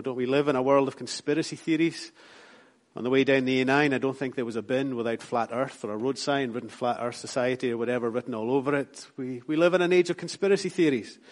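Scottish preacher delivering an impassioned sermon. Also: male voice, medium pitch, fairly even intonation, fast talker. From Scotland. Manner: rhythmic, repetitive preaching with rising emphatic lines and soft drops.

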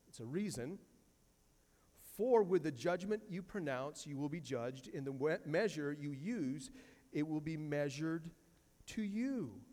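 A male pastor delivers a sermon in a somewhat high voice, leaning hard on repeated words and scripture quotes. His voice rings with a long reverb off the church sanctuary. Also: expressive, measured pace, dark tone. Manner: emphatic, repeats key phrases, quotes scripture.

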